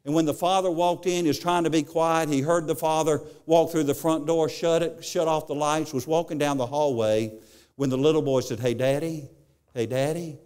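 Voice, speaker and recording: A man's voice: on the high side, fairly even intonation, a little fast, darkish tone, clear, resonant tone. A male preacher giving a sermon, telling stories and often repeating his words as he goes.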